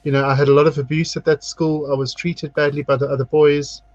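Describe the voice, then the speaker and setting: A man's voice: on the high side, little pitch movement, fairly quick, darkish tone, no echo, highs cut off. A man hosting a casual drag chat show, telling stories at length and acting out what people said, while doing his makeup on a video call. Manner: chatty storyteller, acts out quotes. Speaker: drag queen host.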